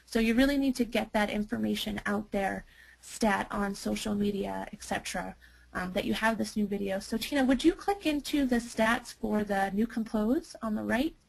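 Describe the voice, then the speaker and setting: Chatty woman with a gravelly edge. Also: medium pitch, moderate pace, rough recording. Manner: chatty, many fillers and restarts. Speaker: marketing presenter. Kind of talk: webinar product demo.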